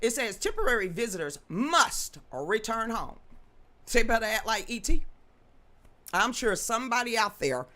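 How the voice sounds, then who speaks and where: Lively, bright-voiced woman streamer. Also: fairly high pitch, normal speed. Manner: loud, projecting, blunt and sassy. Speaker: livestream news show host. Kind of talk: casual livestream talk, reading viewer comments.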